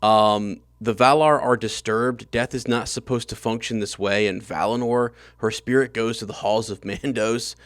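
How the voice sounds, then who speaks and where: A man's voice: on the low side, fairly even intonation, normal speed, hardly any pauses, dry recording. A man co-hosting a casual podcast chat about a book, laughing often and tripping over hard names. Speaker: podcast co-host.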